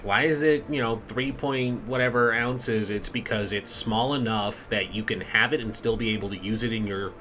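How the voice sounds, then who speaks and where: A woman's voice: rumbling low, fairly bright tone. A sleep-deprived woman chatting casually as a tabletop game player, telling a rambling story. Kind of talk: casual chat.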